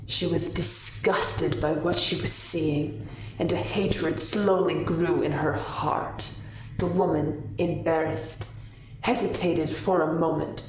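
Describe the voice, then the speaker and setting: Slow, low-voiced woman storyteller. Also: fairly even intonation, darkish tone, slight background noise. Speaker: player narrating her character's backstory. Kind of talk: storytelling narration. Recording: roomy distant mic.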